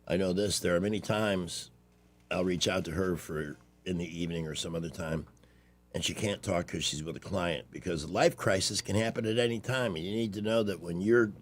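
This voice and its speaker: A man hosting a call-in talk radio show, chatting and trading sarcastic political asides. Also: low voice.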